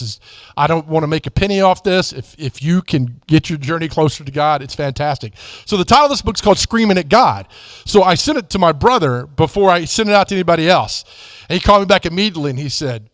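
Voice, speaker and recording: A man's voice: on the high side, no echo, clean studio sound. Earnest man telling faith stories. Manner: earnest, folksy storyteller. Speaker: guest speaker and author at church. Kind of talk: conversational church testimony with storytelling.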